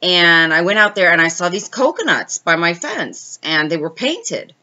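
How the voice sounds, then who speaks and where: Woman host, bright forward voice, lo-fi stream audio, relaxed story-time chat with viewers. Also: fairly low pitch, normal speed. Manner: chatty, answers viewer comments mid-story.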